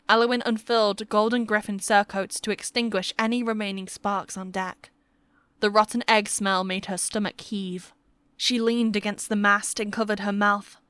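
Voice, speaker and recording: A woman narrating a historical fantasy romance audiobook with steady, measured storytelling. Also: medium pitch, clear, resonant tone, dry recording.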